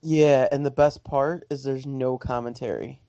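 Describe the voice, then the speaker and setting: A man's voice: mid-range voice, steady tone, a little slow, mellow, dry recording. A man co-hosting a podcast in casual chat, giving strong, enthusiastic opinions. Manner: emphatic, enthusiastic opinions with swearing. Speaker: podcast co-host. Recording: dry, dull lo-fi sound.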